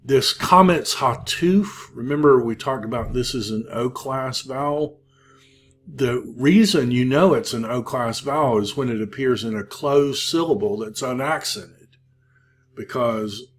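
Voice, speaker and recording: A man in the middle of a classroom lecture on Hebrew grammar, speaking slowly and haltingly, stopping often on fillers as he works through his slides. His pitch sits at an ordinary middle level for a man. A faint hum runs under the recording. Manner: slow, halting, many fillers. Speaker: Hebrew teacher.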